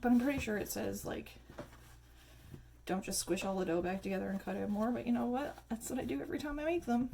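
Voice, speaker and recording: A woman's voice: fairly high pitch, quick pace, creaky, mellow, slight background noise. A woman filming a casual home cooking video in her kitchen on a phone, chatty and rambling, with lots of fillers. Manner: chatty, rambling, laughs often, many fillers. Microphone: phone camera.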